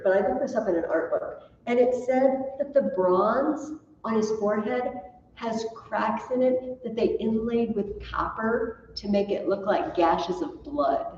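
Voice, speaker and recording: Woman teacher, lively up-and-down voice, animated storyteller, distant mic, echoey classroom, dull lo-fi sound. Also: a little high, slight background noise. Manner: animated storytelling, laughs at her own tales. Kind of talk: classroom lecture.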